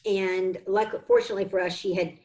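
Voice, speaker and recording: A woman's voice: medium pitch, fairly even intonation, fairly quick, darkish tone, low-quality recording. A woman in an interview, an adoptive mother and foundation founder, telling her family's story in a heartfelt, earnest way that comes close to tears.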